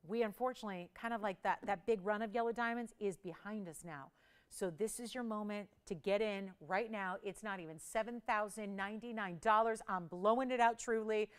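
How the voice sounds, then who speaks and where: A woman's voice: fairly high pitch, fairly bright tone, clean tone. A woman hosting a live TV jewelry shopping show, counting prices down in an upbeat, persuasive sales patter.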